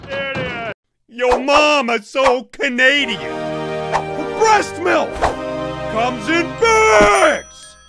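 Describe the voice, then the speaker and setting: A man narrating cartoon comedy sketches in a goofy, exaggerated, shouting manner. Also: very high-pitched, lively intonation, extremely slow, vocal fry, loud music behind the voice. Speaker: joke narrator.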